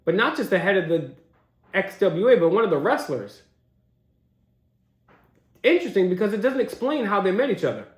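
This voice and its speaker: A man's voice: high-pitched, big pitch swings, moderate pace, long pauses. A young man doing casual, slangy commentary, reacting with incredulous asides. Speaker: commentary host. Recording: roomy echo.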